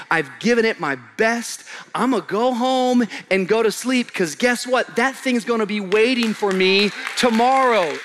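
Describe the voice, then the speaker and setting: High bright-voiced animated male preacher. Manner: animated preacher, swings from shouted emphasis to low quiet asides; casual slangy delivery. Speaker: pastor. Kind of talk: sermon to a live congregation.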